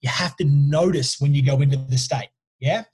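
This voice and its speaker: A man's voice: medium pitch, moderate pace, a little mellow, breathy edge. A man, a mindset coach and guest, talking casually and emphatically, often checking in with "right?". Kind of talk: casual storytelling interview.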